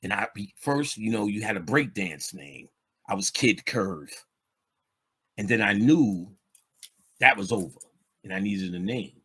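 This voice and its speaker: A man's voice: fairly low pitch, animated, measured pace, pauses often, pushed and bright, breathy edge. A man, telling street stories in a loose, streetwise way with plenty of swearing. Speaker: podcast guest speaker. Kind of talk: casual storytelling chat.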